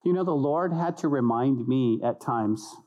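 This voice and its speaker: A man, a pastor, preaching an animated sermon who acts out little voices and repeats key phrases for emphasis. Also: medium pitch, a little slow, rough recording. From United States.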